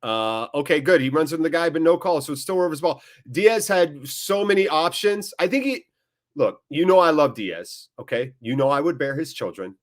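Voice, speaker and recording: A man hosting a live football watchalong, chatting casually, joking, getting excited and reading out viewer comments. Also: on the high side, moderate pace. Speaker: watchalong host.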